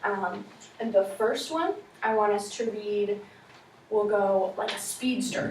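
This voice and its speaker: A woman's voice: mid-range voice, takes it slowly, background noise. A woman teacher giving classroom instruction, encouraging and modeling reading aloud for her students. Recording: echoey classroom from far off.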